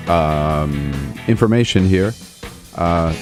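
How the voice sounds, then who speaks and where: A man hosting a talk radio show, chatting loosely with fillers as he makes a pledge pitch and takes calls. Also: expressive, unhurried, darkish tone, faint music behind.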